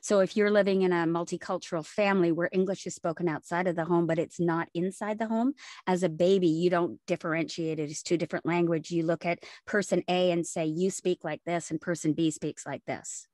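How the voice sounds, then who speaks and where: A woman, chatting as a voice actor guest in an interview, lively and explaining with examples. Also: lowish voice, a little fast, no room sound, studio quality. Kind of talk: casual interview chat.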